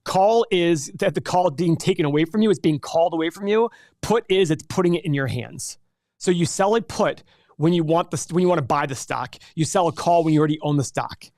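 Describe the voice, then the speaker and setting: A man hosting a live investing class, explaining options with an energetic, animated sales-pitch manner. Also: a little fast, dry recording, clean studio sound. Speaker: host teaching an investing class. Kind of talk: live webinar teaching.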